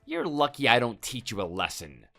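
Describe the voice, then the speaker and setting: Brief: male text-to-speech voice as a bullying husband, very swooping pitch, defensive and scornful. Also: huge pitch swings, moderate pace, pushed and bright, soft background music, full character voice. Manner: defensive and contemptuous. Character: hot-tempered, threatening adult husband. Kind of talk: text-message story voice-over.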